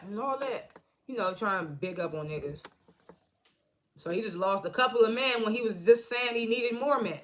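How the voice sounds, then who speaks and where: Reviewer, bright tense tone, slangy retelling, acts out each character's line, laughs a lot. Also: mid-range voice, a little fast. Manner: loose slangy retelling, acting out the characters' lines; laughs often. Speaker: TV episode reviewer. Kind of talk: casual episode recap.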